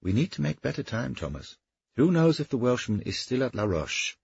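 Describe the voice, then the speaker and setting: Man playing a crude old knight, husky, swings high and loud, dull recording. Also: big pitch swings, moderate pace, dry recording, heavily acted. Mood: impatient. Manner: bellowing, crude and scornful. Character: coarse boastful veteran knight, gruff and lusty.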